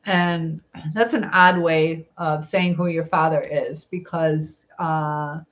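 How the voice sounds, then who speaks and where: A woman's voice: sits low, fairly even intonation, takes it slowly, lo-fi sound. A middle-aged woman hosting a casual live stream, chatting, laughing often and reading viewer comments aloud.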